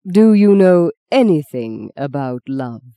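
A reader voicing Arthur, a suave man who speaks slowly and coaxingly, with a theatrical touch. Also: mid-range voice, mellow, no echo, studio quality, natural voice.

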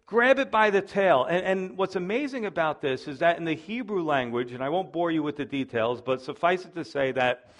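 A male pastor preaching in an easy, conversational style, spinning stories into his sermon. His voice sits a little on the high side for a man. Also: animated, fairly quick, few pauses.

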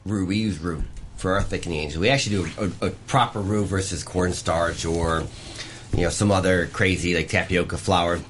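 A man's voice: low voice, steady tone, normal speed, a bit bright, slight background noise. A man chatting as a guest, talking through how he cooks with lots of restarts. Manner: enthusiastic, talks through recipes with many restarts. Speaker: pie shop owner guest. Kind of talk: casual chat.

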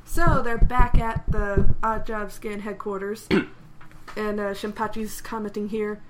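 A woman co-hosting a podcast, chiming in with dry remarks and reading a manga recap haltingly. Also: mid-range voice, level tone, slight background noise, low-quality recording. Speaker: podcast co-host. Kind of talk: casual chat recapping manga chapters.

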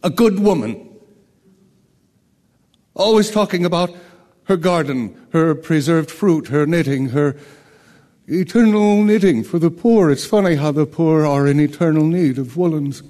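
A man's voice: a little high, unhurried, pauses often, warm tone, natural voice. An actor playing a weary, grieving old king with a wry, sardonic edge, in a radio drama. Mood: bitter. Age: older.

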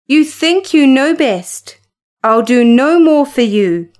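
A woman's voice: high-pitched, expressive, takes it slowly, a little mellow. A woman reading aloud as a proud young woman who scolds and teases with a knowing edge. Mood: scolding. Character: proud young woman, sharp-tongued friend.

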